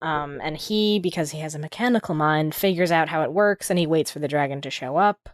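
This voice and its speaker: A woman's voice: deep voice, fairly quick, dry recording, studio quality. A young woman co-hosting a podcast, chatting casually about a book, giggly and full of fillers. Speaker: podcast co-host.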